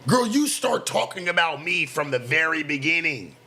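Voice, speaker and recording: A man's voice: a little high, big pitch swings, sharp tone. A man from the US West Coast, a streamer giving a heated, profane reaction commentary. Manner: profane, heated, rapid-fire ranting.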